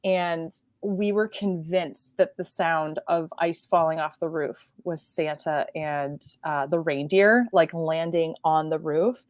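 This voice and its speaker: A woman from New York State co-hosting a podcast, telling lively stories in a casual chat and acting out the quotes. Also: low-pitched, slow pace, few pauses, dry recording. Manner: animated storyteller, acts out quotes. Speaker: podcast co-host.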